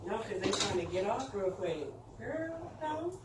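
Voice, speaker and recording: A woman in casual chat, chiming in with lively, quick remarks. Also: medium pitch. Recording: echoey room, far from the mic, background noise.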